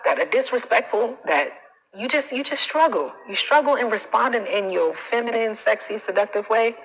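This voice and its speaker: A woman coach hosting a casual live stream, animated and emphatic, with a preachy manner full of slang asides. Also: medium pitch, moderate pace, low-quality recording.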